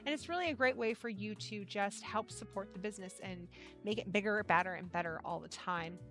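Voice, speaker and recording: A woman's voice: medium pitch, a little fast, fairly bright tone, faint music behind. A woman hosting a casual live stream, chatty, laughing often and swearing casually. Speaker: livestream host and yarn shop owner.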